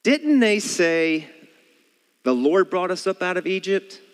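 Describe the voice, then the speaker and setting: A man's voice: high-pitched, very animated, slow pace, smooth, in a large hall, voice pushed up, full character voice. A man reading as a doubting young farmer. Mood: pleading. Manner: earnest, pleading questions. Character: doubting young male farmer, plaintive and questioning. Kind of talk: scripture reading in a sermon.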